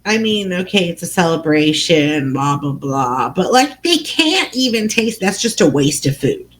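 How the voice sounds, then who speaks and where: A woman's voice: fairly low pitch, big pitch swings, measured pace, a little hiss or hum, poor audio. A woman co-hosting a casual book podcast, retelling scenes with lots of animation and little voices for the characters. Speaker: podcast co-host.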